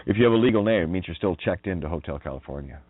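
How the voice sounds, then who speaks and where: Deep-voiced man rambling over a phone line. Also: expressive, rapid-fire, slightly rough, dry recording. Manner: rambling, laughing often, wordplay riffs, profane. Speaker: radio host. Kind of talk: rambling monologue.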